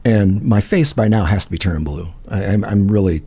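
A man's voice: on the low side, fairly quick, mellow, husky. A man hosting a call-in show, telling a rambling, profane story full of fillers. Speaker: host. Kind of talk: casual storytelling.

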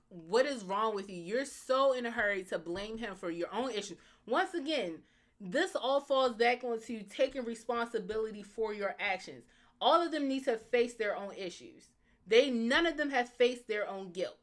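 A woman co-hosting a podcast in casual chat, animated, blunt and opinionated. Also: a little high, normal speed. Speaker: podcast co-host.

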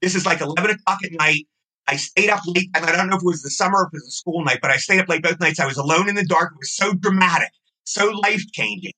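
A man in his sixties rattles off stories at high speed in a casual interview. His voice sits high and sounds piercingly bright, and he gushes with enthusiasm about everything he loves. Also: fast talker, low-quality recording. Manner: effusive, gushing enthusiasm. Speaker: guest actor.

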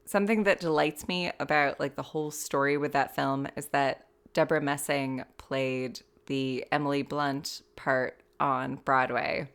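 A woman's voice: a bass voice, measured pace, few pauses, smooth. An American woman in her thirties, a comedian guest chatting on a podcast, telling stories with lots of laughter and acted-out quotes. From United States. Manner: animated storytelling, laughs often, acts out quotes. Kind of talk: casual chat.

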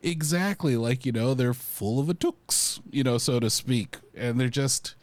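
A man's voice: medium pitch, a little slow, dry recording. A man co-hosting a casual podcast chat, rambling and enthusiastic with lots of fillers.

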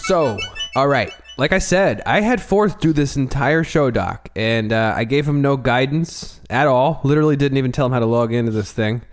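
A man's voice: mid-range voice, animated, normal speed, few pauses, faint music behind. A man hosting a fantasy football podcast, talking loosely and laughing often. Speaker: podcast host. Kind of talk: casual podcast chat.

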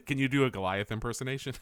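A man's voice: mid-range voice, dry recording, clean studio sound. Giggly young man recapping a cartoon. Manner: laughs often, animated retelling with mock quotes. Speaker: podcast co-host recapping a cartoon episode. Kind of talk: casual chat.

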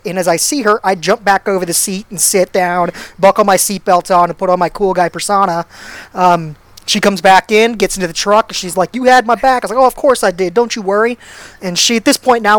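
A man's voice: high-pitched, fairly even intonation, a little fast, fairly bright tone, no echo. A man casually telling a long, self-deprecating anecdote. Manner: laid-back, self-deprecating storytelling. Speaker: storyteller guest.

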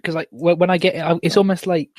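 A man hosting a podcast in casual chat, rambling and rushing through his plugs. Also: fairly high pitch, fairly even intonation, no room sound. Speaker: podcast host.

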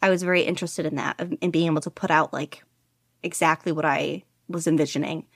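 A young woman with a fairly low voice talks at length as an interview guest, rambling and enthusiastic. She fills her sentences with asides and casual fillers. The sound is dry and close, with no room around it. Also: steady tone, brisk, vocal fry, dry recording. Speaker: guest podficcer.

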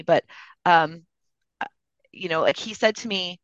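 A chatty grandmother with a lowish voice, talking casually on a podcast. She stops and restarts a lot, with fillers and quick laughs. The sound is dry and a little muffled. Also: no room sound. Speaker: podcast co-host. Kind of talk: casual chat.

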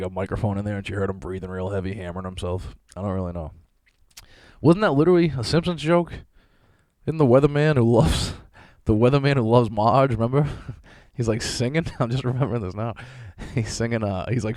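A man's voice: fairly low pitch, fairly quick, darkish tone, dry recording, studio quality. A young man from the area, a comedian hosting a show, ranting loosely with lots of swearing and laughter. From Boston area, USA. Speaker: comedian podcast host. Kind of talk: profane comedic rant.

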